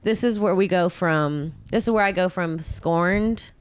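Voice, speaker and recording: A woman's voice: measured pace, clean tone. A woman in her thirties hosting a podcast, telling a story casually and profanely, acting out quotes. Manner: animated, profane, acts out quotes with big pitch jumps. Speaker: podcast host.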